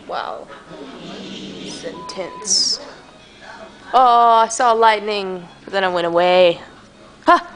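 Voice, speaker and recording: A woman's voice: mid-range voice, extremely slow, pauses often, fairly bright tone, faint music behind. A young woman in a casual home video, playfully teasing and cooing at her dog, sometimes dropping to a whisper. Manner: playful, teasing, switching to baby talk and whispers. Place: home, indoors.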